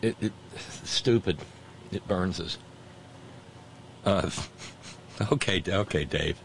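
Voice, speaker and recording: A man's voice: sits low, slow pace, creaky, noisy background. A man hosting a talk show, giving sarcastic, mocking commentary and reading out listener messages.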